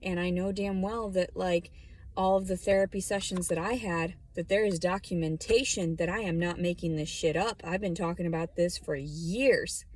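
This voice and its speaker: A woman's voice: on the low side, fairly even intonation, normal speed, darkish tone. A woman vlogging from her parked car, talking bluntly and rambling, with plenty of swearing. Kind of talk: casual vlog monologue. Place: parked car in a store lot.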